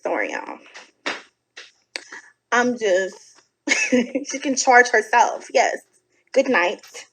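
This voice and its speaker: High-pitched woman ranting at home, sassy and blunt, cusses a lot, animated. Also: drawn-out words, pauses often, slight background noise, low-quality recording. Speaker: online commentator reacting to videos. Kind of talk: casual reaction commentary. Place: home at night.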